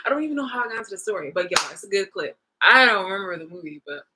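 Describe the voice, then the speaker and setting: Woman vlogger, bright edgy tone, loose profane storytelling to camera. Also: mid-range voice, very fast, hardly any pauses, husky, poor audio. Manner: profane, animated, retelling a clip with laughs. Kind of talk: casual rambling monologue.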